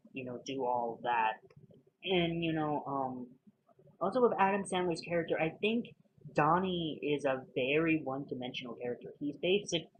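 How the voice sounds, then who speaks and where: A man's voice: on the high side, dull audio, a little hiss or hum. A man giving a casual spoken film review, rambling with many fillers and restarts.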